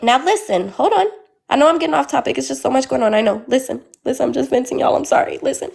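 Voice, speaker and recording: A woman calls in to a live advice stream to vent an emotional story, getting heated, repeating herself, and building up to yelling. Her voice is high and gravelly with a breathy edge, her intonation is lively, and she talks fast.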